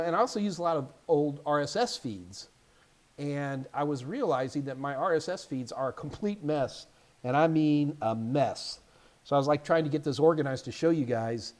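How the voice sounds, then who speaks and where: A man hosting a casual live Q&A stream as an IT certification instructor, chatty and animated, with jokey asides. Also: a little high.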